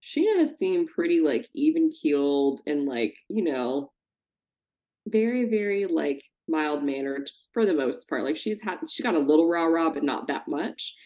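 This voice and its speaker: Animated, profane woman podcast host. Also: deep voice, a little slow. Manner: animated, profane, mimics people she talks about. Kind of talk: casual recap chat.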